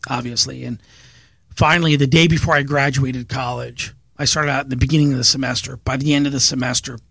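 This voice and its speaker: A man's voice: mid-range voice, fairly even intonation, quick pace, vocal fry, fairly bright tone, slightly rough, no room sound. A middle-aged man, a business owner and podcast guest, telling stories from his working life in an eager, earnest way and repeating words as he goes. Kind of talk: storytelling in a podcast interview.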